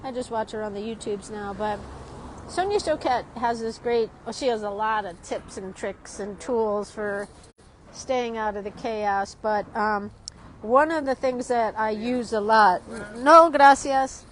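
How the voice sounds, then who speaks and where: An art teacher vlogging from an outdoor street café in a city speaks at a medium pitch and a measured pace, chatty and rambling, laughing often and ending many sentences with "right?". Street ambience and slight background noise come through on the low-quality recording.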